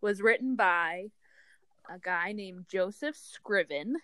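A woman's voice: medium pitch, slow pace, bright, forceful tone, clean tone, dry recording. A woman hosting a casual podcast chat, telling a story in a chatty, giggly way with many fillers. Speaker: podcast host.

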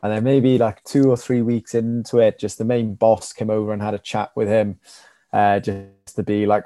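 Low, flat-voiced Welsh rugby guest. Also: male voice, moderate pace, no echo, clean studio sound. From Wales. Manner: rambling, many fillers and restarts. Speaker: rugby sevens player, podcast guest. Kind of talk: casual chat, storytelling.

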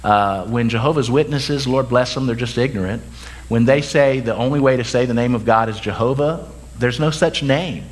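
A medium-pitched male pastor preaches a sermon in a conversational style, tossing in quick asides and correcting himself. At one point he mentions that he is tired.

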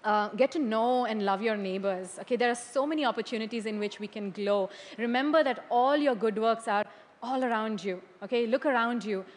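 A woman preaching a sermon in a church hall. She is animated, laughs often and keeps checking in with "okay?". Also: fairly high pitch, brisk. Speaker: church leader. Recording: long hall reverb.

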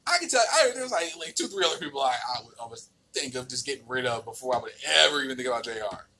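A man's voice: medium pitch, animated, very fast, pushed and bright, husky. A man with an American accent hosting a podcast, ranting in a casual, exasperated and profane way with many restarts. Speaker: podcast host.

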